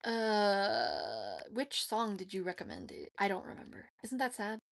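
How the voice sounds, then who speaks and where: A woman's voice: medium pitch, wildly swooping pitch, unhurried, vocal fry, no echo. A woman, chatting casually with viewers on a livestream, giggly and rambling. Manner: chatty, giggly, talks to herself. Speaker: livestream host.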